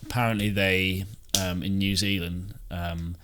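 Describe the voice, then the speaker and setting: Man, lowish voice, animated casual banter, co-host. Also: a little slow. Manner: animated, laughing, mimics voices. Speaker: podcast co-host. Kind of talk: casual pub chat.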